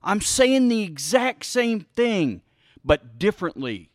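Male preacher, high and bright, unhurried sermon, emphatic repeats, Q-and-A with the congregation. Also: big pitch swings, no echo, clean studio sound. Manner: asks the listeners questions and answers them himself; emphatic, repeats key phrases. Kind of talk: sermon with Bible reading.

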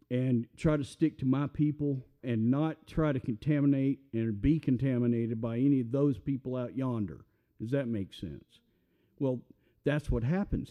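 A man's voice: medium pitch, highs cut off. A man with a Southern US accent, preaching a sermon in a folksy, conversational way with asides. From Mississippi. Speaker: pastor.

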